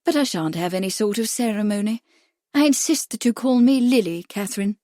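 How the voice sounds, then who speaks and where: A woman's voice: mid-range voice, expressive, brisk, dark tone, dry recording, studio quality, natural voice. A woman voicing a glamorous, teasing actress who is playing hostess, in a storybook reading. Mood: gracious. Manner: playful, gracious.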